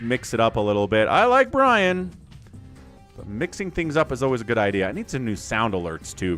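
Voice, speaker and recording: Brief: male streamer-caster, animated pitch, chatty, bursts of excited play-by-play, faint music behind. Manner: chatty, turns to excited play-by-play during fights. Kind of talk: live-stream game commentary and chat with viewers.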